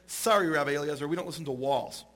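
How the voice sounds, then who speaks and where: Guy doing a bunch of dry unbothered scholars, low and quiet, totally deadpan. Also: fast talker, close to an everyday voice. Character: group of dry, unmoved male scholars.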